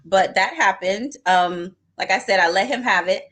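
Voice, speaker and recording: An animated young woman chats casually on a live panel. She tells her story with laughs and acts out each quoted line. Her voice sits at a middle pitch. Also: normal speed.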